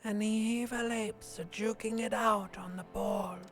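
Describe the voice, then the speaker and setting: Slow, gravelly whispering game voice, eerie, with music under it. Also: female voice, medium pitch, animated. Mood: ominous.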